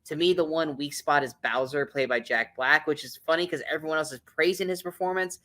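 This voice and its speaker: A man's voice: fairly high pitch, a little fast, sharp tone. A man co-hosting a casual movie-review podcast, blunt and opinionated, swearing often and restarting his sentences as he rambles.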